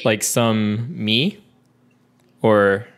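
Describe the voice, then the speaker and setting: A man playing a tabletop game, talking in a halting way full of likes and ums. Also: on the low side, fairly even intonation, clean tone. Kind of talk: casual in-character play.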